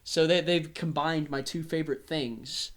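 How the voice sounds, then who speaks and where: A young man from the American South hosting a podcast, telling a story in a casual, animated way. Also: fairly high pitch, a little slow. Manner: animated storyteller, acts out voices. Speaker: podcast host. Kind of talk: casual chat.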